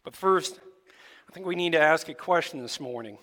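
Male pastor, sermon, high voice, animated questions to the congregation, long hall reverb. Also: moderate pace. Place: church sanctuary.

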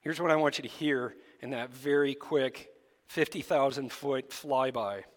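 A male pastor giving a sermon to his church, asking the congregation lively rhetorical questions. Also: mid-range voice, unhurried, big-room sound. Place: church sanctuary.

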